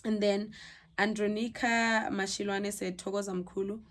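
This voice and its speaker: A woman's voice: mid-range voice, level tone, moderate pace. A South African woman vlogger reading out and answering viewer comments in a casual, chatty way, mixing English with Setswana phrases. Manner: warm, chatty, switches between English and Setswana. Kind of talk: casual chat.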